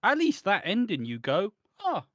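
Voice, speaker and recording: A man's voice: sits high, wildly swooping pitch, moderate pace, fairly bright tone, no room sound, studio quality. A man with a British accent, co-hosting a podcast in casual chat, sarcastic and full of swearing and mocking impressions. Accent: British English. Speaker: podcast co-host.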